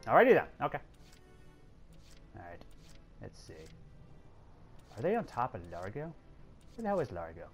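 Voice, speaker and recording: Man, excitable gameplay commentary, lively swooping voice, swears a lot, faint game music behind. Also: mid-range voice, normal speed, long pauses. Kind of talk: casual let's play commentary.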